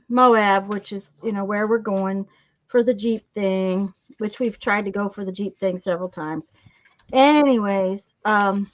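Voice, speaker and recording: A woman hosting a casual crafting live stream, telling stories in a rambling way with lots of fillers and restarts. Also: mid-range voice. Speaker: craft channel host. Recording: dull lo-fi sound.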